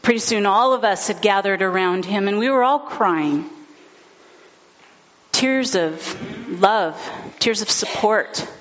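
Slow, earnest woman preaching a sermon. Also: medium pitch, a bit bright, highs cut off. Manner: earnest, heartfelt storytelling. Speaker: pastor. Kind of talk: sermon storytelling.

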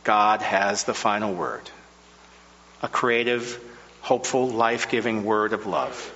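A man delivering a sermon in a slow, measured preaching style with dramatic pauses. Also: on the low side, fairly even intonation, bright, forceful tone, big-room sound, dull audio, slight background noise.

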